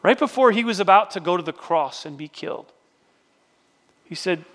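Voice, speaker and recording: A middle-aged man delivers a sermon as pastor, speaking with a fairly high voice. He tells stories in a relaxed, conversational way, often restarting his sentences. The sound carries a long reverb, as in a large hall. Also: moderate pace. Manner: conversational storytelling with frequent restarts. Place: church sanctuary.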